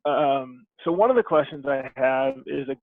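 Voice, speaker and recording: A man thinks out loud about tabletop adventures over a narrow, phone-like line, pausing often and circling back. His voice sits at an ordinary pitch, and the sound is dry, with no room around it. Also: lively intonation, no echo. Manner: thoughtful, rambling with many pauses. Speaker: game publisher guest. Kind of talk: casual video-call conversation. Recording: phone-like thin audio.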